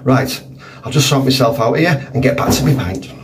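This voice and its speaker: Man, chatty grumbling, lively pitch, pub background noise. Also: normal speed. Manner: chatty, grumbling, dry humour. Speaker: pub vlogger. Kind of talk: casual comic monologue to camera.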